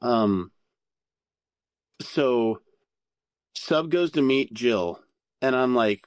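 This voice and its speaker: Profane, animated male storyteller, dry sound. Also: medium pitch, very slow, pauses often, no room sound. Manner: profane, animated anecdote-telling. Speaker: podcast guest. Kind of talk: candid conversational storytelling.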